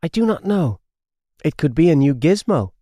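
A man voicing an excitable, eager dog friend in a children's storybook. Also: on the high side, normal speed, no echo, clean studio sound, pitched above the performer's own voice. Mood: curious.

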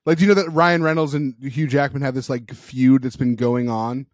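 A man's voice: mid-range voice, moderate pace, no room sound, clean studio sound. A man in his thirties hosting a casual group chat, joking and crude. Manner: animated, joking, crude humor. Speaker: podcast host.

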